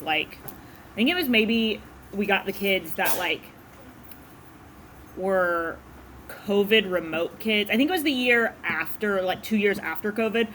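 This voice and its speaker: A woman's voice: medium pitch, a bit bright, slight background noise. A woman teaching a math class, explaining graphing in a casual, chatty way to her students in a classroom. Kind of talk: classroom lecture.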